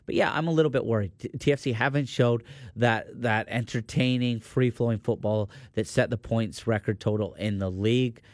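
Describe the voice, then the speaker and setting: A male sports analyst with a mid-pitched voice weighs in with measured, opinionated takes, often starting his thought over. His voice is recorded dry and close. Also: darkish tone, no room sound. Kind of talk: studio sports analysis chat.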